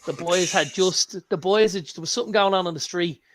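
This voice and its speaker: An Irish man co-hosting a casual chat show, telling lively anecdotes and swearing freely. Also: high-pitched, brisk. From Ireland. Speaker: co-host.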